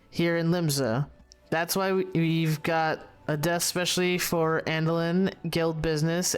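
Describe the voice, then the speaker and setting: A man reading the lines of a gruff, salty middle-aged tavern keeper from a video game, stumbling over words and restarting as he reads the dialogue aloud. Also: on the high side, close to an everyday voice.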